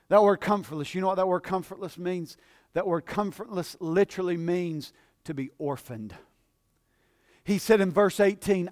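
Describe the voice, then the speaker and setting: A man preaching a sermon in a church service, swinging from shouted fervor to low, conversational teaching. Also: normal speed.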